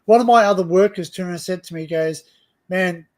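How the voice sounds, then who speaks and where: Talking fast in a high, slightly mellow voice, an Australian livestream host keeps the chat casual. His talk rambles, he laughs frequently, and he tends to repeat words.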